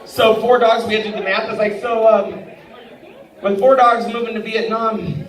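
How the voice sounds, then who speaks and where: A woman's voice: fairly high pitch, normal speed, crowd noise. A woman doing a stand-up comedy set, brash and profane, often laughing through her punchlines. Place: large indoor hall at a live benefit show. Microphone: phone camera from the audience, far from the stage. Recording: echoey hall recorded from far off. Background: audience laughter and room noise.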